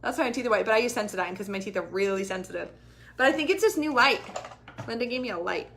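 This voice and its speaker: A woman's voice: mid-range voice, expressive, quick pace, fairly bright tone, a little hiss or hum. A woman in her thirties, a fitness coach, chatting casually and animatedly to her viewers and swearing freely. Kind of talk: casual livestream chat. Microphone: ring light and camera close up.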